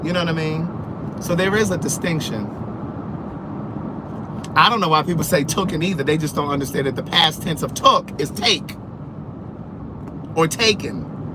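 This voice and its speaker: A man vlogging from his car, chatting in an animated, sassy way and answering comments, sounding sleepy. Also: fairly high pitch, moderate pace, pauses often. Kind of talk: casual chat while driving. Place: in a car on the road. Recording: car road noise. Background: road noise.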